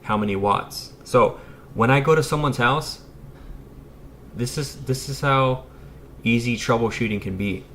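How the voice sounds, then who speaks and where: A man's voice: mid-range voice, unhurried, long pauses, fairly bright tone, a little hiss or hum. An American man in his thirties, an electrician, chatting casually on a live stream, rambling and talking straight to his viewers. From United States. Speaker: electrician and YouTuber.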